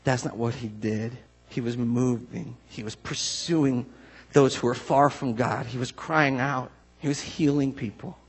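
A man preaching a sermon in a conversational, animated way, acting out voices of people he quotes. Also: mid-range voice, measured pace, breathy edge. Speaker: pastor. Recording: long hall reverb.

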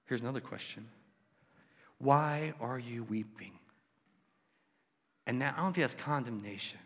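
A man preaching a sermon with passion, swinging between loud exclamations and hushed questions. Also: medium pitch, measured pace, in a large hall. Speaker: pastor.

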